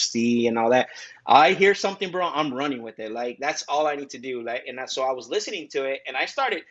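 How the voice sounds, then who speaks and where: A man's voice: mid-range voice, fairly bright tone. A young man chatting casually as an interview guest, talkative and full of restarts. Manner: talkative, says "bro" a lot, many restarts. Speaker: guest, real estate salesman. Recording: dull lo-fi audio.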